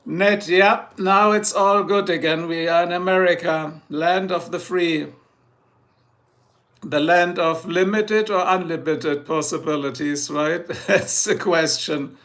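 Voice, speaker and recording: A middle-aged man with a German accent talks loosely on a livestream. He rambles from one joke to the next and calls out to his chat viewers by name. His voice sits high and carries a gravelly rasp. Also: fairly even intonation, takes it slowly, fairly bright tone.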